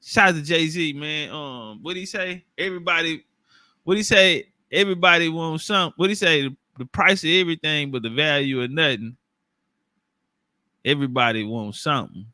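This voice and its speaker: A man's voice: a little high, a little fast, pushed and bright, no echo, studio quality. A man in casual, profane commentary, talking loosely with street slang and frequent laughs into his own microphone.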